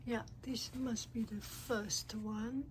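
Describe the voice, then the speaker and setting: Delighted woman, slow and gasping. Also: fairly high pitch, steady tone, a little hiss or hum, rough recording. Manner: gasping and delighted, repeats herself. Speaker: vlogger. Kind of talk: casual garden vlog. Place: home garden, outdoors.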